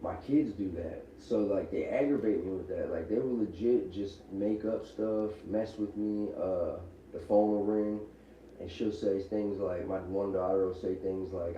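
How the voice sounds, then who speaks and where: Deep, dark-voiced man rambling casually. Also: steady tone, unhurried. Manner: loose, rambling with many likes. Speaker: former inmate on parole. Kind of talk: casual candid chat. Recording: muffled echoey room audio from a distance, faint hiss.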